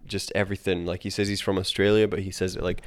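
A man's voice: sits low, flat delivery, fast talker, no echo, studio quality. A man co-hosting a podcast, talking through a film in casual, rambling chat full of "like" fillers and casual swearing. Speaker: podcast co-host.

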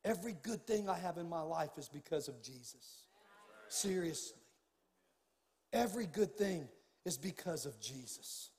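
High-voiced pastor preaching in a reverberant hall. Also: male voice, a little mellow. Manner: preaching with rising fervor, casual folksy asides. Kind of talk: sermon. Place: large church sanctuary.

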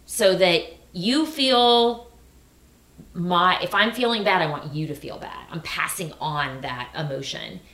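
A middle-aged woman co-hosting a casual talk, animated, acting out quoted phrases. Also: fairly low pitch, reverberant. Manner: animated, quick asides, acts out quoted phrases. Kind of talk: casual conversation.

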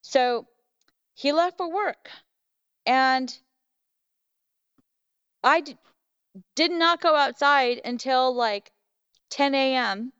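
A woman guest on a podcast telling a personal story in a casual, animated way, acting out what people said. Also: high voice, very slow, long pauses, smooth, no echo. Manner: animated, acts out quoted voices. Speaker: podcast guest, Bigfoot researcher. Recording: dull lo-fi, dry.

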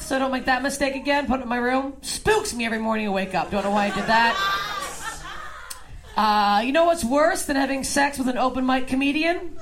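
A woman from Canada performing a stand-up set on a club stage, deadpan and swinging between low mutters and loud outbursts. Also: gravelly, noisy background. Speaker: stand-up comic.

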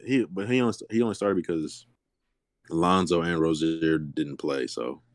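A man co-hosting a podcast, talking basketball in a laid-back way with drawn-out fillers. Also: sits low, no room sound, studio quality. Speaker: podcast co-host. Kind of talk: casual sports chat.

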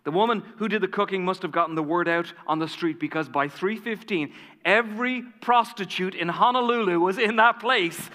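A male pastor telling a story in a sermon, dramatic and dropping to a hush at key moments. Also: high voice, normal speed. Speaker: lead pastor. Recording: reverberant church hall.

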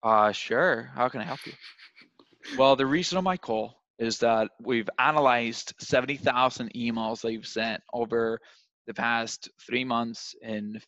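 A man's voice: medium pitch, fairly even intonation, moderate pace, fairly bright tone, no room sound. A young man coaching a trainee on cold calling, acting out phone calls in different voices to make his points. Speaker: sales trainer. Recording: dull, slightly lo-fi dry sound.

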